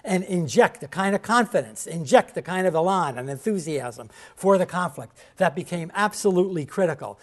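Halting, emphatic lecturing man. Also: high voice. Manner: halting, many fillers and restarts, emphatic repetition; points at slides and checks in with the class. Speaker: history lecturer. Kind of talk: classroom lecture.

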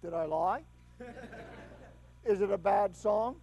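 A man giving a history lecture to a class, animated and full of rhetorical questions. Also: high-pitched, slow pace, a little hiss or hum, rough recording.

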